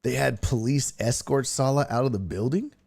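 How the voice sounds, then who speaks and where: A man's voice: mid-range voice, moderate pace, vocal fry, a little mellow, breathy edge. A man hosting a sports talk show, chatting casually and thinking aloud as he reacts to the news.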